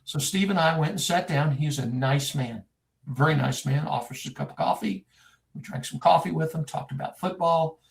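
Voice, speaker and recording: Middle-aged Texas man, gravelly and a touch high, folksy animated storyteller. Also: normal speed. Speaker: private investigator, guest. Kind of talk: storytelling in a podcast interview.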